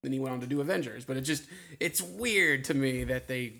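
A man's voice: medium pitch, a little fast, creaky, pushed and bright. A man in casual podcast chat, questioning others and often restarting his sentences.

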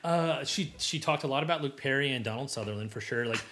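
A man's voice: mid-range voice, fast, fairly bright tone, a little hiss or hum. A man chatting casually, rambling with many restarts and fillers. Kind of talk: casual chat.

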